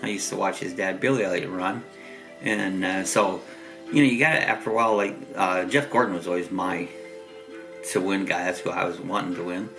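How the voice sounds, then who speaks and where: A man's voice: deep voice, fairly even intonation, brisk, creaky, fairly bright tone, faint music behind, low-quality recording. A middle-aged man from Ohio with a Southern Ohio accent, hosting a rambling, easygoing casual chat while congested from a chest cold. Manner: rambling, easygoing, chuckles often. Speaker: host.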